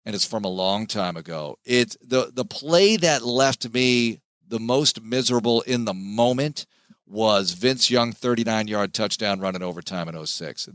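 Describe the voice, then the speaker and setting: A man, a sports play-by-play announcer, giving an animated, emphatic interview as a podcast guest. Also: medium pitch, no room sound.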